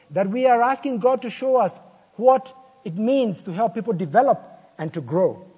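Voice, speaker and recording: A man's voice: high voice, darkish tone, slightly rough. A man preaching a sermon, telling stories and asking rhetorical questions, acting out the people he quotes. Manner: storytelling, acts out quoted voices, rhetorical questions. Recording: long hall reverb.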